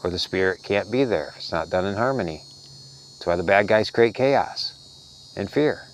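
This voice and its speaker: Speaking at a moderate pace in a low, expressive voice, this spiritual vlogger gives a casual, rambling talk about spiritual matters. He comes across as earnest, soft-spoken, and slightly weary, with a bit of background noise behind him.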